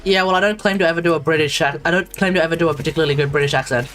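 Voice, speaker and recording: A man's voice: fairly high pitch, rapid-fire, fairly bright tone, a little hiss or hum. An Australian man streaming a game, chatting casually with viewers, rambling and restarting his sentences. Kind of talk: casual live-stream chat.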